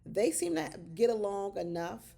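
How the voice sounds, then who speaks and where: Gravelly-voiced woman doing animated show commentary. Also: medium pitch, a little slow. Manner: animated, exclaiming, addresses viewers as y'all. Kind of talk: casual commentary vlog.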